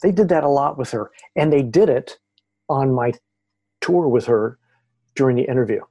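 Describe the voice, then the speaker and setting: Male interview guest who tells stories with animation; mellow tone with some breathiness. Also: medium pitch, moderate pace. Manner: excited, lively retelling. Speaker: podcast guest. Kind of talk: animated storytelling.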